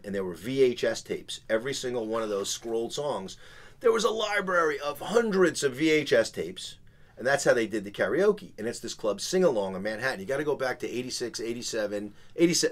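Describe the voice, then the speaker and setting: A man, telling a long business story on a podcast and acting out the people in it. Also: medium pitch. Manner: animated, acts out quoted people. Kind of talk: casual storytelling.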